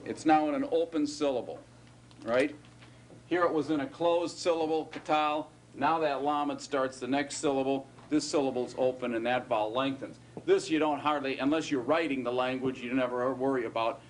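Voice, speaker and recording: A man's voice: medium pitch, fairly even intonation, moderate pace, slight background noise. A man teaching Hebrew grammar in a classroom lecture, conversational and often checking in with his students. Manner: conversational, checks in with frequent "right?" and "okay?".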